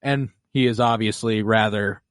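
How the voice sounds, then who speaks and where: A man's voice: on the low side, moderate pace, dry recording, studio quality. Man recapping an episode on a podcast. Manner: energetic, recaps the plot, swears freely. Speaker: podcast co-host. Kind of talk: casual chat and episode recap.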